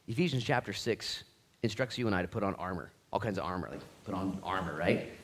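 A man with a fairly low voice preaching in church. He talks casually, with folksy asides and restarts. He builds from soft reflection into fervent, loud calls to action. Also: animated, fast talker, husky. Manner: fervent, swings from quiet reflection to loud rallying. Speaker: pastor. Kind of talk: sermon.

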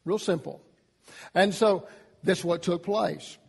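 A man preaching a sermon, emphatic, his voice rising in pitch and loudness on key points. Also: slow, creaky, husky, in a large hall. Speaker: pastor.

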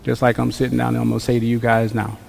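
A man preaching a sermon to a congregation, swinging from quiet musing to loud emphasis with repeated refrains. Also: mid-range voice, little pitch movement, racing, gravelly, a little hiss or hum. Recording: long reverb of a large hall.

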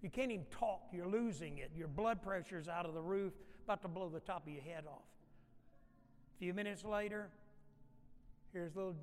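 A male pastor preaches with a fairly high voice and repeats his lines for emphasis. His words ring out through a church sanctuary with a long reverb, and at times he falls to a hushed tone. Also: normal speed. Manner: emphatic and repetitive, dropping to soft, quiet passages. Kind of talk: sermon.

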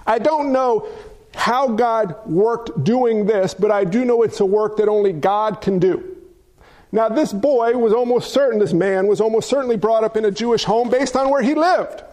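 A man's voice: extremely high pitch, darkish tone. A male pastor preaching a sermon, emphatic, with many rhetorical questions to his congregation.

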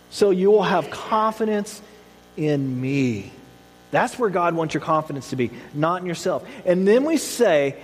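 A high-voiced man in his thirties delivers a sermon, weaving in animated stories and acting out each character's lines. His voice carries a long reverb from a large room. He moves between playful storytelling and earnest exhortation. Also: breathy edge. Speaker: pastor.

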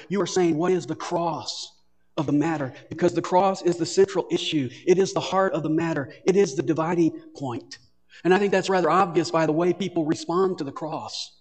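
A man's voice: fairly high pitch, darkish tone. Preaching man in a reverberant hall. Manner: emphatic preaching, repeating phrases. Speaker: pastor. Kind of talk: sermon.

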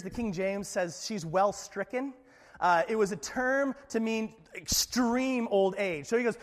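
A man's voice: high voice, moderate pace, in a large hall. A man preaching a sermon as pastor, conversational and joking, often checking in with the congregation. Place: church.

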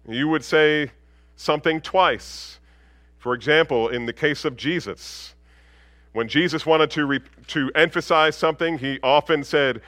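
A man delivers a sermon in a fairly high voice, recorded dry and close. He moves between ringing, emphatic declarations and quiet, almost whispered asides. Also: no echo. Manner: wide swings from loud proclamation to hushed near-whisper. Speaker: pastor.

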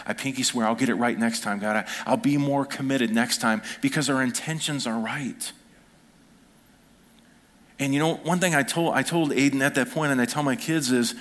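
A man in his thirties, a pastor preaching a sermon through personal stories, acting out the quoted voices with sudden jumps in pitch. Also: fairly bright tone. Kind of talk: storytelling sermon.

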